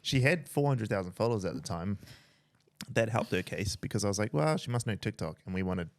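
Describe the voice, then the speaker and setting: A laid-back man with a lowish voice. He chats sarcastically and swears casually as he hosts. The recording is dry and close. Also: lively intonation, fairly quick, no room sound. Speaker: podcast host, business owner. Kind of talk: casual chat.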